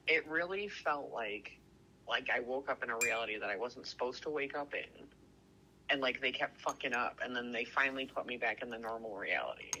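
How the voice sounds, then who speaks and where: Excitable swearing man, bright voice. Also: mid-range voice, a little fast, a little hiss or hum, rough recording. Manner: excitable, swears constantly, rambling with many "like"s. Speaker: podcast co-host. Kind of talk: casual chat, storytelling.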